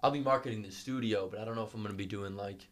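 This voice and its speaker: A man's voice: on the low side, racing. A young man co-hosting a podcast in a studio, talking casually and animatedly, laughing often and swearing freely. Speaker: podcast co-host. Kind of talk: casual chat. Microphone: studio microphone.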